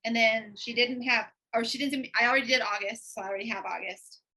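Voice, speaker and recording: Woman, co-host, casual chat, enthusiastic, bright tone, slightly breathy. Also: on the high side, fairly quick, poor audio. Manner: chatty, enthusiastic, laughs often. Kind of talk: casual chat showing stitching patterns.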